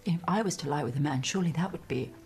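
An actress playing an earnest 19th-century gentlewoman who speaks in a low, intimate, almost whispered way. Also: very fast, breathy edge, soft background music, exaggerated voice. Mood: earnest, tender. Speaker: actress in a period drama clip. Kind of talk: period drama acting.

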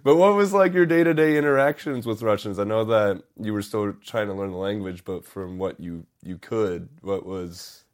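A man's voice: fairly low pitch, normal speed, hardly any pauses. A man hosting an interview, asking enthusiastic, loosely phrased questions. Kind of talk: casual interview chat.

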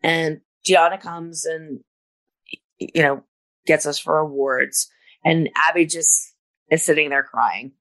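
A middle-aged woman with a somewhat low voice co-hosts a casual podcast. She recaps scenes one beat at a time, leaning on "you know" and "like" as she goes. The talk is relaxed and conversational. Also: slow pace. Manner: recaps events step by step with many "you know" fillers. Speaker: podcast co-host.

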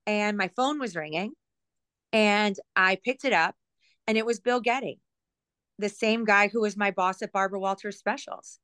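Guesting on a casual podcast interview, a former TV producer in middle age spins chatty, self-deprecating stories packed with fillers and side remarks. Her medium-pitched voice is clear, resonant, and fairly bright, moving at normal speed on a dry recording.

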